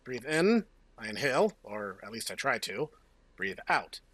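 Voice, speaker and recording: A man's voice: medium pitch, sing-song, a little slow, a bit bright, no room sound. A man hosting a let's play, reading game text aloud with playful, jokey asides. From United States. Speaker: host.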